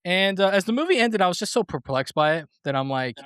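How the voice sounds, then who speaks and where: Animated male podcast host telling stories. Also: sits high, fast, clean tone, no echo, studio quality. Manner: animated storyteller, swearing and laughing. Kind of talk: casual chat.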